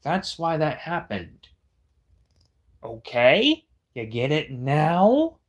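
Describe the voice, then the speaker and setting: Man, slightly high pitch, angry rant, profane, combative. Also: very animated, very slow. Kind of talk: heated ranting callout.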